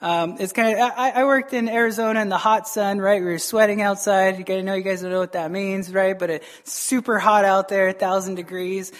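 Male pastor, conversational sermon, talks to the congregation like friends, throws in quick acted lines. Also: sits high, fairly even intonation. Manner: chatty, keeps asking "right?" and acts out quick voices.

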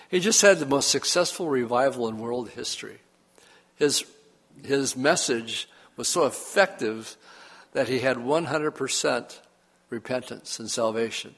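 An older man preaching a sermon, reading scripture and telling folksy personal stories with lively emphasis. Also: medium pitch, a little slow, long pauses, husky. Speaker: pastor.

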